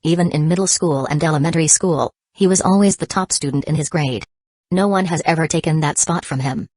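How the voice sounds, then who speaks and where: A woman reading a blunt grown female teacher from a storybook, low-voiced and even. The sound is dry and close. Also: brisk, dry recording. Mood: matter-of-fact.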